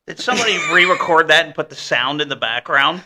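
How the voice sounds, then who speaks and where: A man's voice: on the high side, expressive, quick pace, over music. A man co-hosting a casual radio talk show, laid-back and laughing easily, with many fillers. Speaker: radio co-host.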